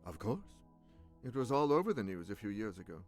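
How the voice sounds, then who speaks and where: A curt, stiff valet. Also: male voice, fairly low pitch, sing-song, fairly quick, soft background music. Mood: guarded. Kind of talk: video game voice acting.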